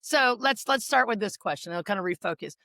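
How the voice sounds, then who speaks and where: A middle-aged woman hosting a podcast interview, telling an animated story full of acted quotes. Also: medium pitch, fairly quick, no echo. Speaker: podcast host. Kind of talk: casual interview chat.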